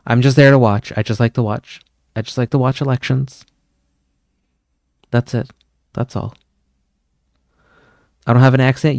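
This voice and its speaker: A man's voice: mid-range voice, fairly even intonation, normal speed, pauses often, a little mellow, no echo, studio quality. A young man from Pennsylvania hosting a live stream, chatting casually with viewers in a rambling way and wandering off on tangents. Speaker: livestream host.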